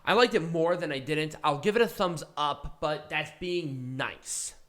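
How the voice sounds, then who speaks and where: A man's voice: a little high, animated, a little slow, a bit bright. A man co-hosting a podcast, giving blunt, opinionated takes in casual chat and swearing freely. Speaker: podcast co-host. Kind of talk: casual wrestling review chat.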